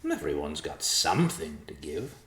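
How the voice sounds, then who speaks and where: A man voicing a lonely, mocking old male vulture who talks slowly and sneeringly. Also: extremely low pitch, huge pitch swings, fairly bright tone, reverberant, exaggerated voice. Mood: smug.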